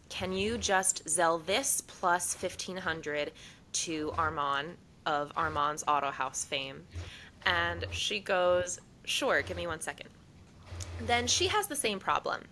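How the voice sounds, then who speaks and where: Bright-voiced woman telling a story. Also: on the low side, a little hiss or hum, poor audio. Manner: animated storyteller acting out quoted exchanges. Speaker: podcast co-host. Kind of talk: casual storytelling chat.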